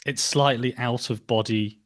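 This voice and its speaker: A man hosting a podcast, responding with sympathy in halting sentences that repeat words. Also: medium pitch, steady tone. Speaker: podcast host. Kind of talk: interview chat.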